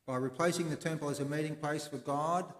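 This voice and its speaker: A man preaching a sermon in a church, explaining in a conversational way with pauses. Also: on the high side, steady tone. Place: church in Sydney. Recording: echoey church with long reverb.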